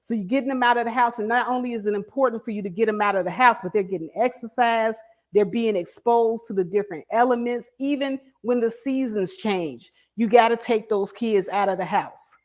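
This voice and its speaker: A woman's voice: fairly high pitch, a little fast, darkish tone. Blunt, emphatic woman hosting an online chat. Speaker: host. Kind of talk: casual commentary chat.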